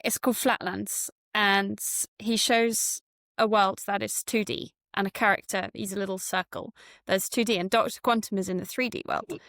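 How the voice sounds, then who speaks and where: Woman host chatting, bit of vocal fry, dry close mic. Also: mid-range voice, fairly even intonation, normal speed, fairly bright tone, dry recording. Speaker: podcast host. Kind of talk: casual conversation.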